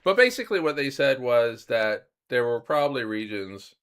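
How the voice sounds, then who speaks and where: A man co-hosting a casual podcast, explaining a science topic with many pauses and restarts. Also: mid-range voice, big pitch swings, a bit bright, clear, resonant tone. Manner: halting, lots of ums and restarts. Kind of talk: casual chat.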